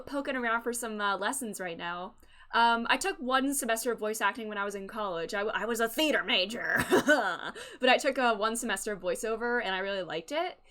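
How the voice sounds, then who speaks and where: A woman's voice: fairly high pitch, sharp tone. A woman in her twenties, a streamer, chatting casually and giggling while playing a game.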